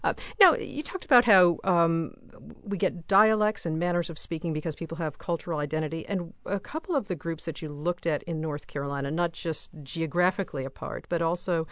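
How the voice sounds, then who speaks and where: A woman from Connecticut hosting a radio call-in show, greeting callers and asking quick questions. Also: lowish voice, dry recording.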